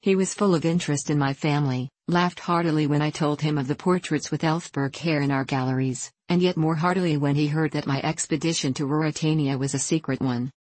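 Woman audiobook narrator, low voice, dry close sound, measured storytelling. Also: fairly even intonation, darkish tone, no room sound. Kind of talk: scripted narration of a classic novel.

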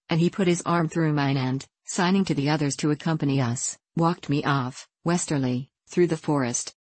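Low-voiced woman narrating an audiobook. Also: no room sound. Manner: measured, even storytelling. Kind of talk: scripted narration of a classic novel.

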